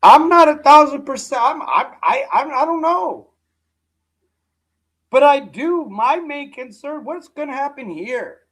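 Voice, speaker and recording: A man whose voice is nearly gone talks slowly and rambles through a casual live reaction stream. He keeps repeating himself and calling people "dude" in a loose, conversational way. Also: very high voice, animated, a bit bright, poor audio.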